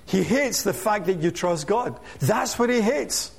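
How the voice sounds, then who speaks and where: High-pitched male preacher, energetic, asks rhetorical questions, jokes in his asides. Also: unhurried, creaky, husky. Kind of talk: sermon.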